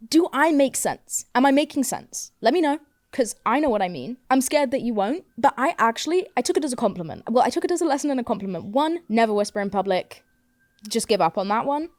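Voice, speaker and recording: Young woman rambling on her podcast, swears loads, higher voice, dead dry sound. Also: lively intonation, fast talker, darkish tone, no echo. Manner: rambling, swears a lot, self-mocking. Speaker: podcast host. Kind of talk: casual podcast monologue. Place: home, seated on couch.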